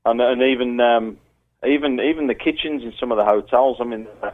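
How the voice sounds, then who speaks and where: Animated storytelling man on a phone line. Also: mid-range voice, brisk. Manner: animated storyteller, acts out quotes with a raised voice. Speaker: guest. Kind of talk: casual storytelling chat.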